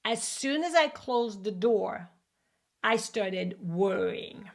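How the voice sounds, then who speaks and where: A woman's voice: a little high, measured pace. A woman acupuncture educator telling a personal story in a lesson video, acting out the voices of the people in it. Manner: animated, acts out quoted voices.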